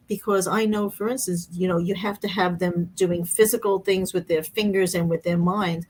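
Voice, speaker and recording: Woman host, chatty and personal, middle pitch, emphatic interjections. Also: fairly even intonation, normal speed, hardly any pauses, darkish tone, slight background noise, rough recording. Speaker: podcast host. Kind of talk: casual conversation.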